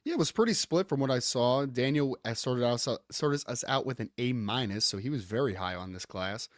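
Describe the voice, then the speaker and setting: A man's voice: mid-range voice, animated, a little fast, no room sound, clean studio sound. A man co-hosting a sports podcast, speaking casually and reading viewer comments off a list.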